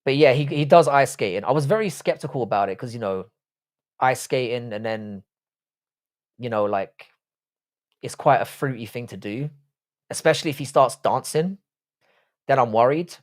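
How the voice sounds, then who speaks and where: A man's voice: medium pitch, normal speed, long pauses. A man in his forties with an English accent, hosting a casual livestream, greeting viewers by name and trading blunt, crude jokes full of swearing. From England. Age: 40s. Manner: greeting and reading out viewer chat. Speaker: livestream host.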